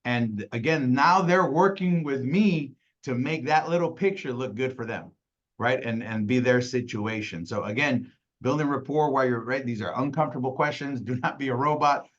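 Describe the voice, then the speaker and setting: A man's voice: medium pitch, moderate pace, highs cut off. A man leading a casual sales training call, talking conversationally and acting out clients, with many "right?" tags.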